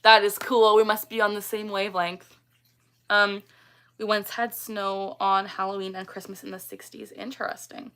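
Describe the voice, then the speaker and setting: A woman's voice: medium pitch, flat delivery, moderate pace, a bit bright, smooth. A woman, hosting a casual livestream and chatting as she reads out and answers viewer comments. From Canada. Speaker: livestream host.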